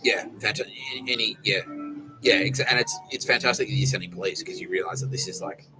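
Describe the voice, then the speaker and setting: A man's voice: on the low side, fast, music in the background, rough recording. A man hosting a podcast, rambling and swearing as he talks to unseen listeners. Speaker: podcast host. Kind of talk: casual monologue.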